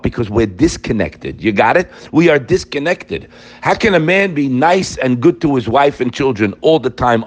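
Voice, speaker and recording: A man teaching an informal Torah class, emphatic and addressing his listeners directly. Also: mid-range voice.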